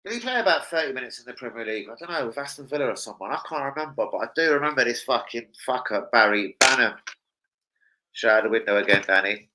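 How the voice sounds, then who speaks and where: A man chatting casually on a football live stream, swearing freely and breaking into loud, excited shouts. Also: medium pitch, fast, background noise.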